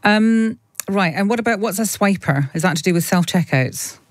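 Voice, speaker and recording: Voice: medium pitch, lively intonation, normal speed, no room sound. A host asking questions and musing aloud in a radio discussion, hesitant with many restarts. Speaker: show host.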